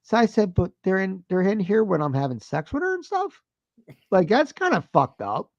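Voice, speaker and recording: A man in his thirties, a podcast co-host, telling a story in a profane, animated, casual way. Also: sits high, normal speed, dry recording, muffled recording.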